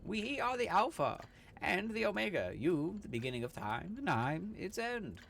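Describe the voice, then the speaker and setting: A man's voice: high-pitched, big pitch swings, moderate pace, vocal fry, a bit bright, a little hiss or hum, pitched above the performer's own voice, heavily acted. A man voicing an ancient time wizard who speaks in a lofty, solemn, archaic way.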